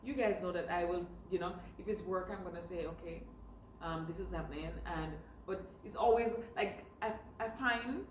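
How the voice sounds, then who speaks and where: A woman's voice: lowish voice, normal speed, hardly any pauses, a little hiss or hum. A woman hosting a casual group chat, talking freely and laughing often. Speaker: host. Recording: roomy and distant.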